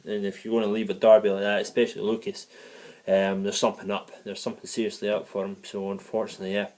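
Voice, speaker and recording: In a fan vlog, a US-based man delivers a heated football review full of profanity and tangents. His voice is fairly low and a little mellow, his tone level, and he talks fast.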